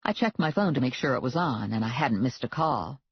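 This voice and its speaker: An audiobook narrator reading a first-person comic novel in a wry, deadpan manner. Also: medium pitch, brisk, slightly rough, no echo. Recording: dull lo-fi, dry.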